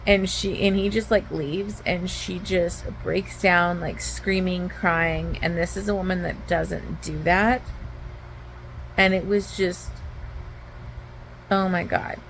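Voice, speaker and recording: A woman book vlogger at home gives a candid, heated retelling of a novel in a casual reading vlog, saying "like" a lot. Her voice is lowish, steady, slow and a bit bright, on poor audio with a little hiss or hum.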